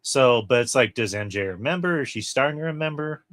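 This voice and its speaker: A man's voice: medium pitch, lively intonation, fairly quick, fairly bright tone, no room sound. A man hosting a casual movie review podcast, retelling scenes at length and acting out the characters' lines. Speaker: podcast host.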